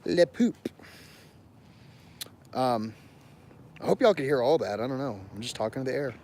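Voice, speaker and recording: A man's voice: mid-range voice, brisk, a little mellow. A man livestreaming from his phone outdoors near his home. He tells a personal story in a casual, rambling way, with many fillers and apologies to his viewers.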